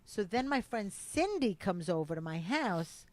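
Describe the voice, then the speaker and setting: A woman co-hosting a podcast, telling a personal story in a lively way, acting out the quotes and swearing freely. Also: medium pitch, a little slow. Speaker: podcast co-host. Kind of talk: casual chat, storytelling.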